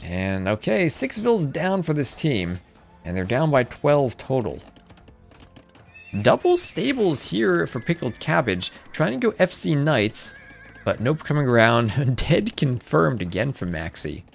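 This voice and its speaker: A man's voice: mid-range voice, measured pace, vocal fry, soft background music. Chatty man casting a strategy game. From New Jersey. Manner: chatty, reads chat aloud, excitable outbursts. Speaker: esports caster. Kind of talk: live game commentary.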